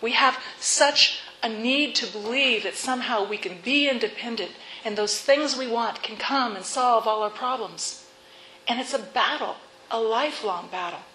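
A woman preacher telling stories in a sermon, earnest and soft-spoken, often dropping to a hush. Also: medium pitch, slight background noise. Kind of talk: sermon storytelling. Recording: echoey room.

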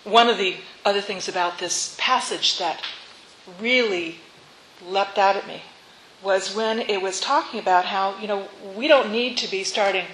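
Bright-voiced woman preaching in an echoey church. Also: mid-range voice, slight background noise. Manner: leads congregation in call-and-response repetition; reflective storytelling with rhetorical questions. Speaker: pastor. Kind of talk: sermon. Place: church sanctuary.

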